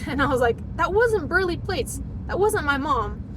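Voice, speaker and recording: A woman's voice: expressive, a little slow, background noise. A woman in her thirties telling a painful personal story, her voice shaky as she holds back tears. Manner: fighting back tears, voice dropping low and shaky.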